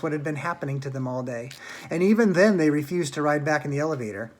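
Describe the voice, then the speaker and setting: A man reading a children's book aloud at home, in a plain, unhurried way with small slips. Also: a little high. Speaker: storyteller.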